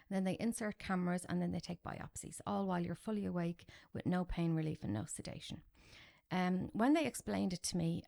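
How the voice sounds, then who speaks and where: A woman in her forties, a podcast guest telling a candid personal story with animated, self-deprecating asides. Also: fairly low pitch, gravelly. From Ireland.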